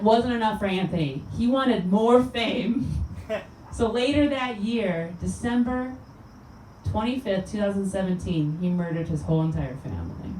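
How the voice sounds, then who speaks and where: A woman's voice: mid-range voice, darkish tone, slight background noise. A woman comedian doing a stand-up set in a small venue, with a chatty, rambling delivery full of fillers. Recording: roomy sound from a distant mic.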